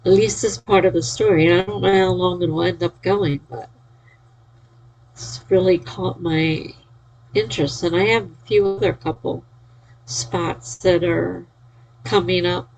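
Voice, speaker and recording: Sleepy husky-voiced woman streaming. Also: fairly low pitch, steady tone, a little slow, darkish tone, low-quality recording. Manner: reads and cheers chat messages. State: sleepy, yawning. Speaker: livestreamer. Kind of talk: casual live-stream chat.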